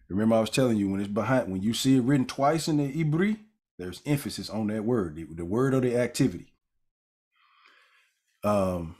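A man's voice: medium pitch, darkish tone, husky. A man giving a conversational Bible lesson, wandering into casual asides with fillers and restarts, then reading scripture aloud and stressing key words. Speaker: Bible teacher.

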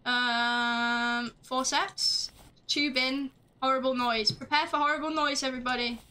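A woman streaming a game live, chatting along as she plays, swearing freely and shouting at the screen. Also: sits high, fairly even intonation, a little slow, smooth. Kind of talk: live gameplay commentary.

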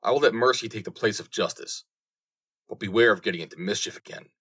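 A man's voice: lowish voice, fast, a bit bright, husky. A man voicing a proud, bold young turner apprentice in a storybook reading, speaking in formal old-fashioned phrasing. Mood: confident.

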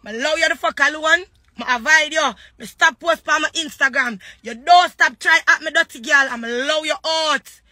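A woman's voice: high voice, normal speed, pushed and bright, no echo. A young adult woman with a Jamaican accent, ranting angrily and cursing on a live stream. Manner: cursing, confrontational. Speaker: social media personality. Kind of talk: angry live-stream rant.

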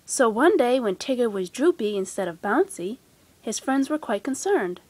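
A woman gently and expressively reading a children's storybook aloud. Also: on the high side, very animated, normal speed, slightly rough. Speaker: storybook reader.

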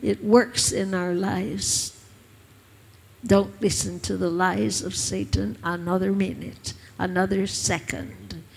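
A woman's voice: mid-range voice, flat delivery, slow, gravelly, slightly rough. A woman pastor preaching a sermon, urging her listeners with emphatic, repeated lines. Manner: emphatic, repetitive exhortation.

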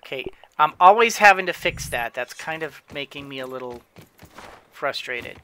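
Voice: medium pitch, lively intonation, moderate pace, sharp tone, a little hiss or hum. A gamer giving casual gameplay commentary, rambling with frequent restarts and chuckling to themself. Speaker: let's play gamer.

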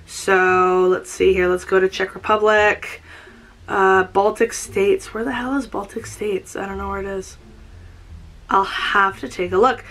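A woman talking casually in a vlog, excitable and rambling, with mild swearing. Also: mid-range voice, a little slow. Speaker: YouTuber.

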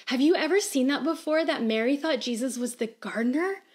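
A woman in her thirties preaching a sermon on a church livestream, earnest and conversational, asking gentle questions. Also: high voice, lively intonation, brisk. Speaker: pastor.

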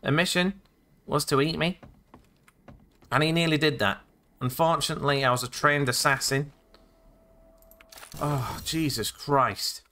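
A man's voice: on the high side, fairly even intonation, normal speed, long pauses, bright, forceful tone. A man doing jokey, rambling let's-play commentary with sudden exclamations as he plays. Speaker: gaming let's-play host. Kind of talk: casual gameplay commentary.

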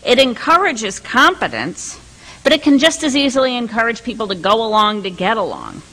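A middle-aged woman reading a prepared academic lecture at a colloquium, measured and deliberate, with occasional restarts. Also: fairly high pitch, wildly swooping pitch, pushed and bright, low-quality recording. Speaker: colloquium speaker.

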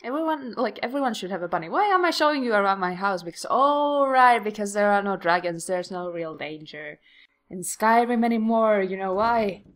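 A woman's voice: mid-range voice, lively intonation, normal speed, a bit bright. A young woman hosting a game playthrough, chatty and rambling, acting out the voices she quotes. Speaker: let's play host. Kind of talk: casual gameplay commentary.

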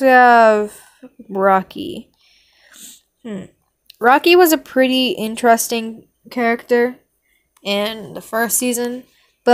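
A woman talking casually and meandering through her opinions, trailing off into hums and ums, sometimes bursting into mock outrage. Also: fairly high pitch. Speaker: vlogger ranking cartoon characters. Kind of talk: casual rambling commentary.

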